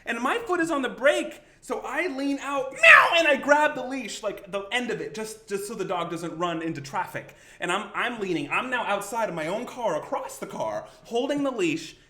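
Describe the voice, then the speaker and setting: Bright high-pitched man telling a wild story. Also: normal speed, hardly any pauses. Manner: animated, laughing, acts out the scene and shouts quotes. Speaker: show host. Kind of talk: animated storytelling on a live stream.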